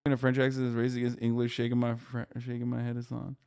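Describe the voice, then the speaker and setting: Quick and smooth, a mid-range male voice comes through studio-clean with no room sound. He's live-streaming a casual chat, swearing and laughing in animated bursts while ribbing his chat with sarcastic, mocking jokes.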